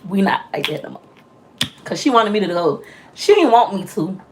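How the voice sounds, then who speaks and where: A young woman chatting loudly and talkatively with viewers on a casual live stream, telling stories with playful, animated quoted voices. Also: medium pitch, moderate pace, a little hiss or hum. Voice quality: loud, talkative. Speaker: livestream host.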